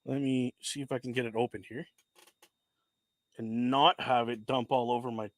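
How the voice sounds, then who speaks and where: A man's voice: mid-range voice, fairly even intonation, normal speed, no echo. A man hosting a casual livestream, chatting as he unboxes, rambling, correcting himself and swearing casually into a desk microphone. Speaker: livestream host.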